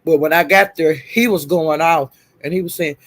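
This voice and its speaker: A man's voice: on the high side, moderate pace, a bit bright, no room sound. A man livestreaming, telling gossip in a casual chatty way, laughing often and calling out "child" and "honey".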